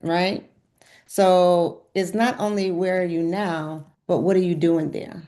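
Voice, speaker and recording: A woman coaching a client on a video call, warm in her praise and repeating herself as she cheers the client on. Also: fairly low pitch, little pitch movement, slow pace. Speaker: health coach leading a group check-in. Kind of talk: encouraging coaching session.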